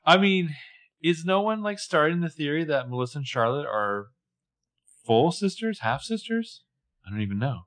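A man's voice: a little high, normal speed. A man co-hosting a casual podcast, recapping a TV episode scene by scene and acting out the characters' lines. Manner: animated, recounts scenes with acted quotes. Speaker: podcast co-host.

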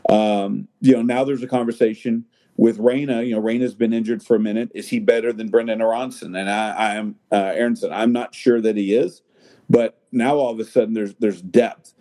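A man's voice: fairly low pitch, steady tone, normal speed, mellow. A man talking soccer in a loose, rambling way, with lots of fillers and restarts. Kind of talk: casual chat.

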